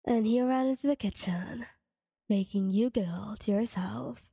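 A woman reading her own fan story aloud in a soft, half-whispered voice. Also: fairly high pitch, normal speed, vocal fry, husky, no room sound, studio quality, big-room sound.

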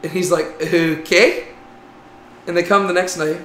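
High-voiced casual Bible teacher. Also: male voice, steady tone, unhurried, a bit bright. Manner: conversational, frequent "right?" tags. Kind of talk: casual Bible class lecture. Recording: echoey room with faint noise.

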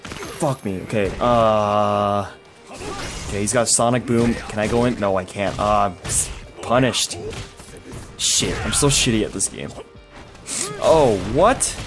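A man narrating his own gameplay in an excitable rush, his pitch jumping all over as he swears and hollers at the screen. Faint music plays underneath him. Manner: loud, swearing, quick to shout and groan. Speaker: gamer playing a fighting game.

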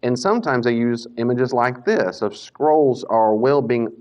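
A man teaching a Bible class in a casual lecture style, animated and self-correcting, now and then acting out the speakers he quotes. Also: medium pitch, unhurried. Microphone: Bluetooth mic that cuts out. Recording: dull lo-fi lecture recording.

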